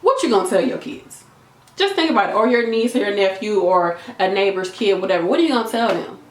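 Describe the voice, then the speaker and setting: A woman's voice: mid-range voice, fast talker. Woman nurse hyping up her viewers, chatty and emphatic, echoey room. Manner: animated, emphatic, chatty with repeated phrases. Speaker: nurse and video creator. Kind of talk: motivational talk to camera.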